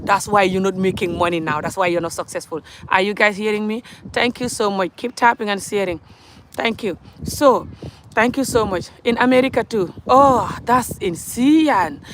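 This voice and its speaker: A woman in her forties from Gambia with a Gambian accent, talking in a passionate, rambling live monologue to her viewers. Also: mid-range voice. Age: 40s. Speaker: livestreamer.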